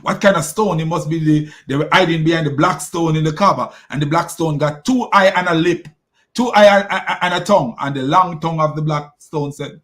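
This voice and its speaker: A man giving mocking commentary, sarcastic and quick to laugh, with loud exclamations. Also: on the high side.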